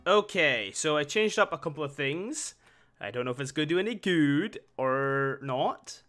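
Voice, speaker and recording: A man commentating his own video game playthrough with excitable, panicky reactions. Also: fairly high pitch, moderate pace. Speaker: gaming video host. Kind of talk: let's play commentary. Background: faint game music.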